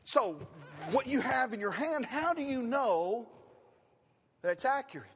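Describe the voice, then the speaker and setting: Guy preaching in a big echoey church, high voice, keeps asking the room questions. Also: big pitch swings, unhurried, fairly bright tone, a little hiss or hum. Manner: teaching with questions and emphatic repetition. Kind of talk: sermon. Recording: long reverb of a hall.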